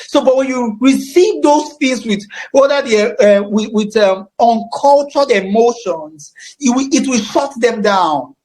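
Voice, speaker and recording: A man's voice: very high voice, darkish tone. A Nigerian man facilitating a counseling course, speaking emphatically with a projecting voice and often repeating his phrases. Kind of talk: teaching a class.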